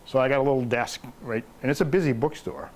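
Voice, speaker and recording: A man's voice: medium pitch, fast talker, slight background noise. An older man with a Maine accent, an author telling folksy anecdotes to a library audience and acting out the voices in his stories. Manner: folksy anecdotal storytelling, acts out quoted voices. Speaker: author giving a library talk. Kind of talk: storytelling talk. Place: public library talk room.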